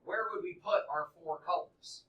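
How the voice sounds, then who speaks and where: A man's voice: sits high, normal speed, muffled recording. A man teaching a middle school math class, quizzing students in an upbeat, coaxing way. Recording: echoey classroom from far off.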